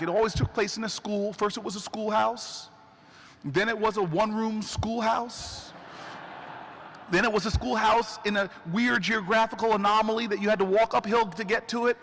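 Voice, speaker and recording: A man delivers an earnest, humorous inspirational speech, his unusually high voice carrying through a large hall. The long reverb trails after each phrase as he spins stories for the crowd. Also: fairly bright tone. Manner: storytelling orator, humorous and earnest.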